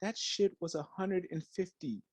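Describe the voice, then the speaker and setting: A young man with a high voice and lively intonation co-hosts a podcast, speaking at a normal pace with no echo. His casual storytelling features acted-out quotes, free swearing, and lots of slang.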